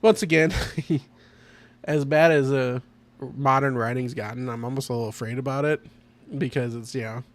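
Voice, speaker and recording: A man chatting casually on his podcast, eager and rambling. He laughs often as he goes, and his voice sits at a middle pitch. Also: steady tone, moderate pace. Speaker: podcast host. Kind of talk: casual chat.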